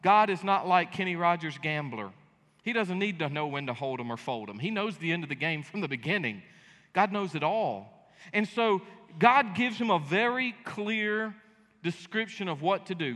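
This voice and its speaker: Bright-voiced pastor in a reverberant hall. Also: male voice, high voice, animated, normal speed. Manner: emphatic, folksy and joking. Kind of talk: sermon. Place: church sanctuary. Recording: long reverb of a large hall.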